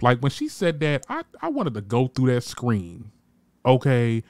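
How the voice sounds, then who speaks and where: In a dry recording, a man with a mid-range voice and moderate pace recaps a reality TV episode. The reviewer's casual commentary is blunt and sassy, with plenty of swearing, and he animatedly acts out the cast's quoted lines.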